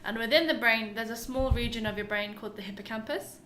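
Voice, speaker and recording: A woman's voice: on the high side, bright, forceful tone, slight background noise. A woman co-hosting a casual science podcast, explaining a research paper and laughing often. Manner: explanatory, giggly, quick to laugh.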